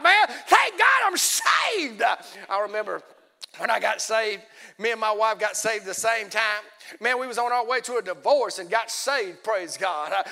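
A man preaching a folksy, animated sermon as an evangelist, swinging between quiet storytelling and shouting. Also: very high-pitched. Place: church. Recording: echoey church hall.

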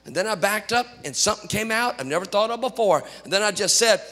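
A pastor preaching a sermon, telling animated stories and rising to shouts. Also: male voice, high-pitched, fast talker, in a large hall.

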